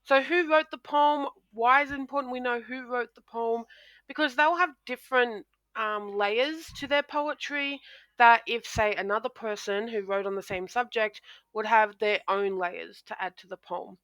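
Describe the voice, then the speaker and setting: A woman's voice: a little high, moderate pace, fairly bright tone, no echo. A woman teacher explaining poetry in a recorded lesson, talking into a close microphone with frequent ums and restarts.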